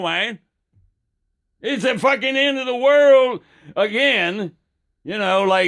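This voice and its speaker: A man's voice: sits high, a bit bright. A man delivering an angry, profane political rant with many stumbling restarts. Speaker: political commentator.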